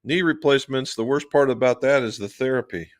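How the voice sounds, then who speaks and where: A man's voice: mid-range voice, brisk. Folksy chatty man telling shop stories. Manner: folksy storyteller, talks with his hands, relaxed and chatty. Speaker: golf club fitter and livestream host. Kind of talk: casual livestream chat answering viewers.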